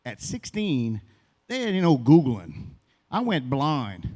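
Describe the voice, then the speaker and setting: A man's voice: mid-range voice, very animated, slow pace, darkish tone, big-room sound. A man in his fifties from Louisiana doing a first open-mic stand-up set, rambling, folksy and long-winded. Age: 50s. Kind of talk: stand-up storytelling. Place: comedy club stage.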